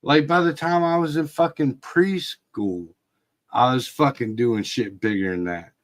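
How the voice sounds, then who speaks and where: A middle-aged man telling a casual story, swearing freely, and shouting out quoted lines. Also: mid-range voice, measured pace. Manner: profane, laid-back storytelling with shouted quotes. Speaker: podcast host. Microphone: video call.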